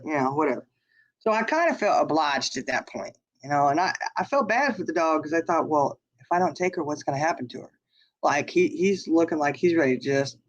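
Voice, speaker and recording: A woman telling a long story in casual chat, laughing often and saying "you know" a lot. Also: low voice. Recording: dull lo-fi sound.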